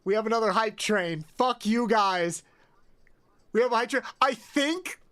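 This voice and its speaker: Male streamer talking slow, yelps and swears a lot at chat. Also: extremely high pitch. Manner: excitable, swearing, yelping outbursts. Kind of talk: live game stream chat.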